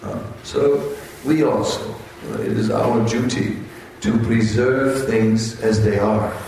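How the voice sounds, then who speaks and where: A man giving a religious talk at a retreat, telling a story in a halting way and briefly voicing the people in it. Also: mid-range voice, fairly even intonation, darkish tone, very echoey, distant mic, slight background noise, rough recording. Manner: halting, unhurried storyteller who briefly voices quoted characters.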